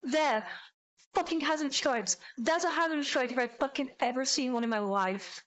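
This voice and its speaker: A young woman streamer reacting out loud, her voice sitting a little high as she rambles excitably and swears freely. Her casual commentary runs loose and unpolished, with talk that tumbles forward in bursts. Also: normal speed. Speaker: VTuber streamer.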